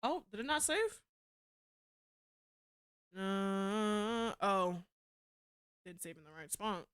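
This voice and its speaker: A young woman streaming live, talking to her chat in a loud, blunt, profane way and laughing often. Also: mid-range voice, lively intonation, takes it slowly, clean tone.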